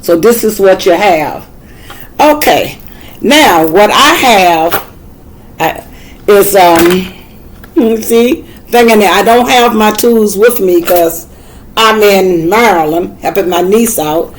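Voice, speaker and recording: A woman's voice: mid-range voice, takes it slowly, a little hiss or hum, rough recording. An older woman with a Southern US accent giving a casual, folksy how-to demonstration, chatting and repeating herself as she works. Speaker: craft tutor.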